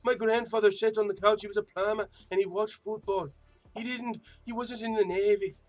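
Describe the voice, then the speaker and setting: A man putting on a put-on Irish accent to voice a brash, angry male fighter, talking indignantly at a raised pitch. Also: fairly even intonation, brisk, close to an everyday voice.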